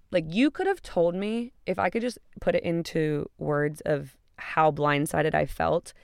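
A woman's voice: lowish voice, smooth, dry recording, clean studio sound. A woman in her twenties hosting a podcast, telling a personal story in a candid, casual way and swearing freely. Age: 20s. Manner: candid and profane, retelling with acted-out quotes. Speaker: podcast host.

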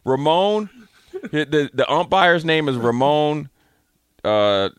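Male radio host, relaxed slangy storyteller, smooth voice, dry studio sound. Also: fairly high pitch, takes it slowly, no echo. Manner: laid-back storytelling, slangy. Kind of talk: casual sports radio chat.

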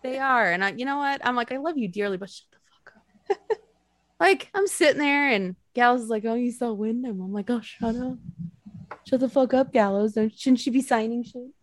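A woman co-hosting a casual chat, telling lively stories, swearing freely and acting out quotes. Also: on the high side, brisk, no echo. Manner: animated storytelling, swears freely, acts out quotes. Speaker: podcast co-host.

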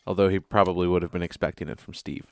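A man co-hosting a podcast in casual chat, throwing in quick jokes. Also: low voice, fairly even intonation, creaky, smooth, no echo, studio quality. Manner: quick joking interjections. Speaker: podcast co-host.

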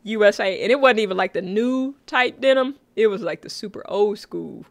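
A woman's voice: medium pitch, expressive, moderate pace, gravelly, dry recording. A woman co-hosting a casual chat, talking easily, laughing often and reading out comments from the chat. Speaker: co-host of a sitcom recap stream. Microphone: own mic.

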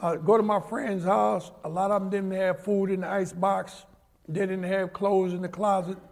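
A man's voice: high voice, normal speed, vocal fry. A man, telling stories in an interview and acting out the people he quotes. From New York. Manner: animated storyteller who acts out the people he quotes. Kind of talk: storytelling interview.

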